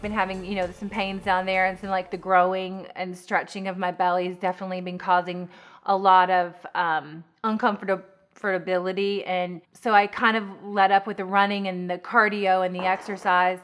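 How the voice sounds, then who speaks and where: A pregnant woman vlogging to camera in a chatty, fast, filler-heavy way, a little out of breath. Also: medium pitch, level tone, a bit bright. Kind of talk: casual chat to camera.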